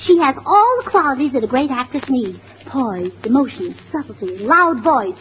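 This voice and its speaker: A woman's voice: sits high, very animated, moderate pace. A woman playing a scatterbrained young wife in 1940s radio comedy, gushing with breathless, illogical chatter. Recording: dull old radio broadcast, audience, hiss.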